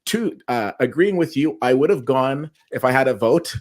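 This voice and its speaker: Male host, casual awards-talk style, mid-pitched, easygoing, keeps the segment moving. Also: expressive, moderate pace. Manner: conversational, steers the segment and reads out nominees. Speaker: show host. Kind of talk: casual awards-preview chat.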